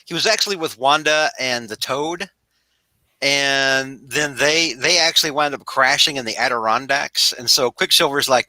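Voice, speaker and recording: A man's voice: medium pitch, moderate pace, sharp tone, dry recording, low-quality recording. A man hosting a casual podcast chat, rambling with many restarts and laughing at his own jokes. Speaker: podcast host.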